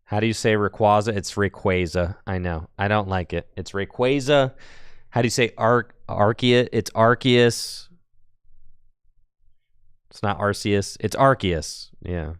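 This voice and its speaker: Male stream commentator, chatty and joking, clear smooth voice with no room sound. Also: on the low side, unhurried, long pauses, no echo, clean studio sound. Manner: chatty and playful, laughs often, answers chat. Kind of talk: casual live-stream commentary.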